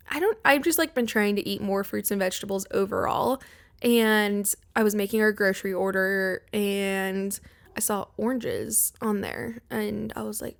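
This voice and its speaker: Chatty young woman podcast host. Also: mid-range voice. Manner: chatty, rambling, heavy use of "like"; acts out quoted people in livelier voices. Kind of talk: casual solo podcast chat.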